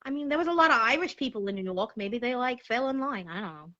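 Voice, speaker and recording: A woman guest in casual chat, animated, swinging between high and low and laughing often. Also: fast, muffled recording. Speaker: podcast guest.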